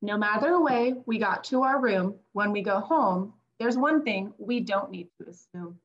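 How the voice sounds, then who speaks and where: A woman's voice: medium pitch, normal speed. A woman, a former teacher and children's book author, reads her picture book aloud in a teacherly way. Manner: teacherly read-aloud delivery. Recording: dull lo-fi audio.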